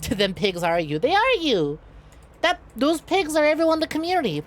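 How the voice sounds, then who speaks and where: A young adult woman, a VTuber, streams a game and chats casually with her viewers, calling them "y'all" and laughing often in a playful way. Her voice sits high and sounds very animated and brisk, with slight background noise.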